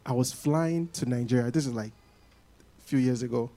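A man preaching a sermon to a congregation in an animated way, often acting out what people say. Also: mid-range voice, moderate pace.

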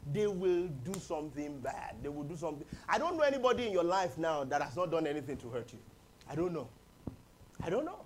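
A man's voice: on the high side, very animated, brisk, a little hiss or hum, rough recording. A man preaching a humorous sermon as pastor, calling on the congregation to respond. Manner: humorous, chuckles often, calls for congregation responses. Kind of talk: lively sermon.

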